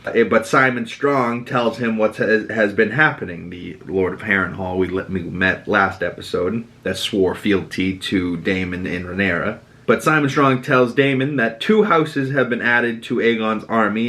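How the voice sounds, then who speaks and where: A man with a Boston accent recapping a TV episode as a podcast host, animated and sweary, acting out characters' lines. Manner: animated, quotes characters with dramatic pitch jumps and swearing. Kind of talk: casual recap monologue.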